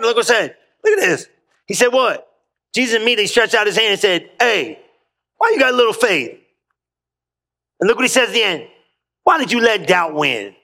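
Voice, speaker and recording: Animated, bright-voiced male preacher. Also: very high voice. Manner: conversational, street-slang preaching with frequent asides to the congregation. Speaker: pastor. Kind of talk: lively sermon with storytelling.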